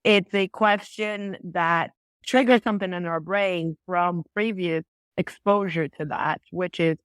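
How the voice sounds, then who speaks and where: A woman speaking as a podcast guest, explaining her points emphatically in quick bursts. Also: fairly low pitch, clean tone, dry recording. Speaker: podcast guest, business advisor. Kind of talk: conversational interview.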